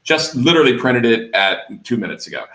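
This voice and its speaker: A man's voice: mid-range voice, lively intonation, a little fast, fairly bright tone, reverberant, rough recording. A man hosting a live fundraising show, chatting casually and reading donor names over a video call. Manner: chatty, teasing. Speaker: host.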